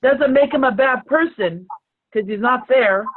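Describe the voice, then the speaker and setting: Woman, earnest, halting, tearful, tinny phone-like video call audio. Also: high voice. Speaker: group participant. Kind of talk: emotional personal sharing.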